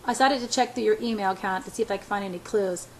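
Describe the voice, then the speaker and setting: A woman's voice: mid-range voice, rapid-fire, darkish tone, slight background noise, lightly acted. A woman voicing a volatile, menacing male boss who speaks with sneering contempt while reading a novel aloud.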